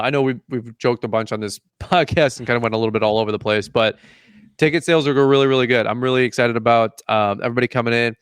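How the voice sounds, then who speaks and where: A mid-range male voice with a clean tone comes through a dry, clean studio recording. Hosting a casual podcast, he tells funny stories, laughs frequently, and voices both speakers in quoted conversations.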